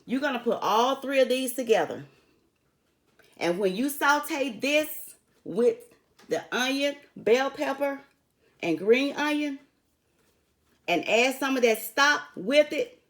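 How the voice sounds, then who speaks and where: A woman's voice: high-pitched, lively intonation, takes it slowly, long pauses. An older woman teaching a recipe in a chatty way, often calling her viewers honey. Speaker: home cook. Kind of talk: cooking tutorial.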